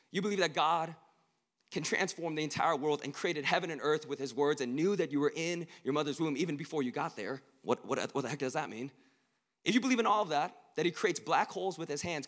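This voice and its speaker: A young man gives a sermon to a campus group in a loose, joking way. His voice jumps from quiet and earnest to loud and excited, and his pitch moves a lot. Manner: casual and joking, with sudden loud emphatic bursts and hushed earnest lines. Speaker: campus ministry speaker. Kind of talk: sermon to college students.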